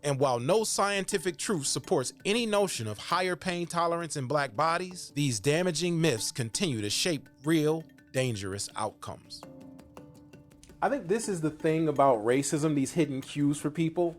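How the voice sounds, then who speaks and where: A man hosting a documentary interview, narrating in a measured, earnest way and talking with his guest. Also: a little high, animated, faint music behind. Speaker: host.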